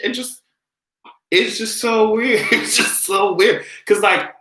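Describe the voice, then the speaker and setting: Man, livestream rant, bright sharp voice, exasperated and slangy, roomy echo. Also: high-pitched, takes it slowly. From Jamaican heritage. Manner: animated, exasperated, slangy, laughs often. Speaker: livestream host. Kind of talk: casual commentary rant.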